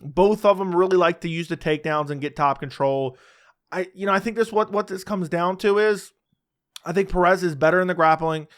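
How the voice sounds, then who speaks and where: A man's voice: sits high, fairly quick, clean tone. Blunt, opinionated man breaking down fights. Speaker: MMA fight predictor. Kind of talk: casual solo fight-prediction commentary.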